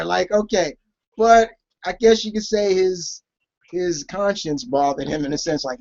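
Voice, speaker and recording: A man's voice: sits high, unhurried, gravelly, darkish tone. Rambling man, muffled lo-fi recording. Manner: rambling, many restarts and fillers. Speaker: wrestling talk show co-host. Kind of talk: casual chat.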